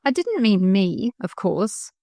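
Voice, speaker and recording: A woman's voice: medium pitch, very animated, takes it slowly, warm tone, no room sound, clean studio sound. A woman voicing an eager, persistent young girl with a slightly raised voice. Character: eager young girl, keen and a little prim.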